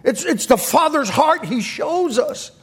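A man's voice: extremely high pitch, animated, unhurried. A middle-aged man preaching a sermon with passion, repeating words as he goes and acting out the quotes he tells. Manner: impassioned, repeats words, voices quotes dramatically.

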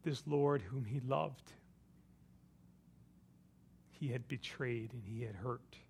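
A man preaching a sermon, telling the story with dramatic swings between hushed and loud delivery. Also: mid-range voice, slow, gravelly, slight background noise.

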